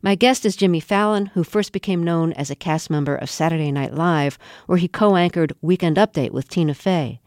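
A woman host running a radio interview, introducing her guest and asking measured questions. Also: on the low side, darkish tone, dry recording, clean studio sound.

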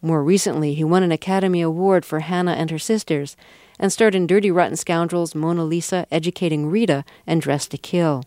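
A woman hosting a radio interview, her voice low for a woman. She speaks in a measured, precise way, and the sound is dry and close. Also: steady tone, dark tone, no echo. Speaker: radio host. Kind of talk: scripted introduction and interview.

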